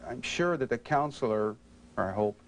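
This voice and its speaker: A man talks through his divorce in a counseling session, stammering and restarting often. His voice sits in an ordinary middle register, and a held-back anger runs through his halting words. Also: mid-range voice, expressive, poor audio. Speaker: client in a counseling interview. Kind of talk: halting emotional disclosure.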